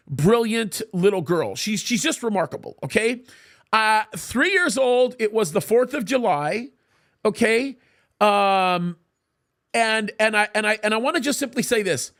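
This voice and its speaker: High, gravelly guy hosting a live show, emphatic, keeps restarting sentences. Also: a bit bright. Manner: emphatic, repeats words when starting sentences. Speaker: host of a live talk show. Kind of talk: live commentary and storytelling.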